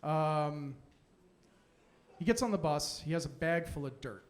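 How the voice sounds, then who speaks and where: A man's voice: on the high side, animated, unhurried. A young man doing a stand-up set in a comedy club, sarcastic and brash as he fires back at a heckler. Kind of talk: stand-up set with crowd work.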